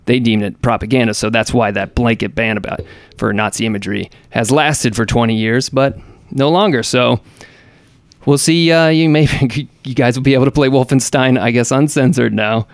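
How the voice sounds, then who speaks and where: Gravelly man rambling through gaming news. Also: mid-range voice, fairly even intonation, moderate pace, no room sound, clean studio sound. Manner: rambling, hesitant, many fillers and restarts. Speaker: podcast co-host. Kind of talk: casual gaming news chat.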